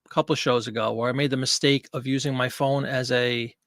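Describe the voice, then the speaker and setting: A man's voice: medium pitch, fairly even intonation, fairly quick, fairly bright tone, no echo. A man hosting a casual live stream from a home studio, chatty and jokey, greeting viewers by name. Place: home studio with green screen. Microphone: desk microphone.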